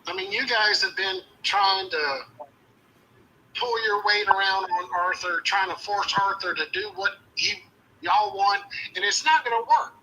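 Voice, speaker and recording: Combative man with a bright, high voice. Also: a little slow, a little hiss or hum, rough recording. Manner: combative, insulting, dismissive. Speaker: call-in guest.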